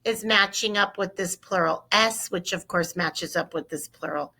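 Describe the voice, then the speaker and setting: A woman's voice: on the low side, normal speed, vocal fry, pushed and bright. A woman teaching a Spanish grammar lesson over a screen recording, upbeat and coaching, asking her students questions aloud.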